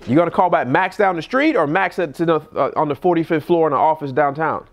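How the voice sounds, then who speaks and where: A man, a real estate investor, giving casual seminar talk at a live event and acting out phone scripts in a lively voice. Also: fast talker, few pauses. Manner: animated, acts out calls in a higher voice.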